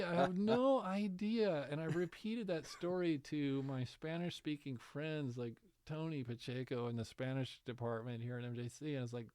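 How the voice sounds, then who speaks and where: A man telling a travel story in a casual interview, animated and laughing often. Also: fairly high pitch, moderate pace, no echo, clean studio sound. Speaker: guest, distance education coordinator.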